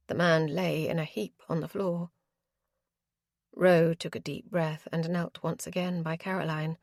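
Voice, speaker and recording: A woman narrating a historical romance audiobook in a steady, expressive reading. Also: mid-range voice, no room sound, clean studio sound.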